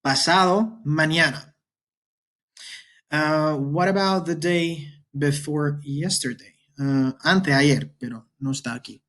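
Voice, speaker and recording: A man teaching a beginner Spanish lesson from slides, patiently repeating each example with many pauses. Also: fairly high pitch, fairly bright tone. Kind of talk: online language lesson explaining slides.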